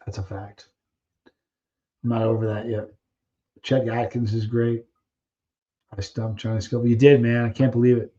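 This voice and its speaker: A man's voice: mid-range voice, level tone, normal speed, pauses often, dark tone, lo-fi sound. A man hosting a casual live stream, chatting loosely with viewers, reading out their questions and trailing off while he searches for names.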